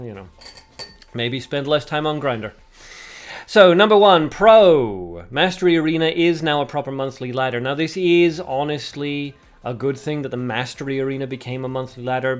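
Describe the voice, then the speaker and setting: A young man hosting a casual gaming livestream at home on a desk mic. He chats with viewers, reads their comments aloud and laughs at his own puns. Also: mid-range voice. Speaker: livestream host.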